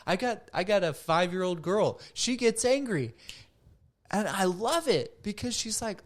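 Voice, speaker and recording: A man in his thirties talks earnestly as a counselor, his delivery reflective and personal. When he quotes what people say, his voice turns animated and lively, then settles back into calm reflection. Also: sits high, normal speed. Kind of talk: reflective monologue to camera.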